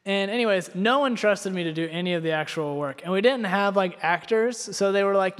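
A young man from North Carolina delivers a sermon full of personal stories. He rambles and pokes fun at himself, leaning on filler words. His voice sits a little high and rings out with long reverb across a church hall. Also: a little fast, few pauses, a bit bright. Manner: rambling, self-deprecating, heavy on filler words. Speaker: preacher.

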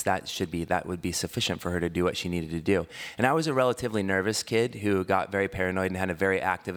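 A man in his thirties, originally from Washington State, preaching a sermon that mixes a relaxed personal story with rising, fervent scripture preaching. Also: low-pitched. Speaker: pastor.

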